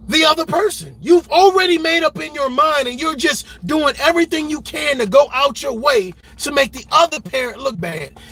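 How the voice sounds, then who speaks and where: A man's voice: very high voice, animated, normal speed, few pauses, sharp tone. A man giving a heated reaction commentary, emphatic and blunt, repeating words and swearing freely as he argues. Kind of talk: ranting commentary.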